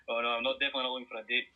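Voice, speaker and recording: A Scottish man, a guest writer, chatting in a relaxed, friendly way on a podcast over a muffled phone line. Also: mid-range voice. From Scotland. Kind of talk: podcast interview chat.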